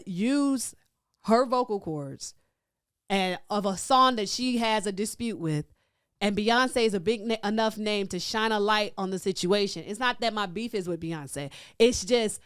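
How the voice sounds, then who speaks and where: A woman's voice: medium pitch, a little slow, smooth, no echo, studio quality. A woman co-hosting a podcast, arguing in a heated, teasing debate and cutting in often. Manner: animated, interrupting, teasing. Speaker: podcast co-host.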